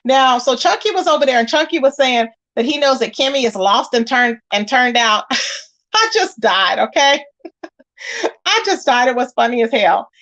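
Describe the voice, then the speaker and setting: Sassy high-voiced woman spilling gossip. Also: animated, a little slow, fairly bright tone. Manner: sassy, emphatic, rhetorical questions to viewers. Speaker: commentary channel host. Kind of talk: casual gossip commentary.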